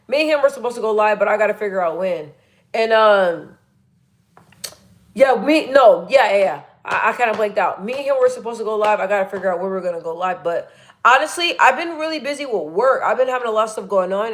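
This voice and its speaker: A woman's voice: medium pitch, lively intonation, fairly quick. A young woman chatting casually on a livestream, reading viewer comments aloud and laughing often. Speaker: livestream host.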